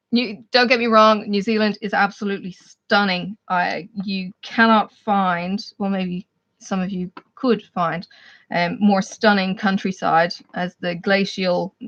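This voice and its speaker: A woman's voice: medium pitch, fairly bright tone, muffled recording. Chatty Australian woman livestreaming. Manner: chatty, rambling, laughs often. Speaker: livestream host. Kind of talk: casual chat with live viewers.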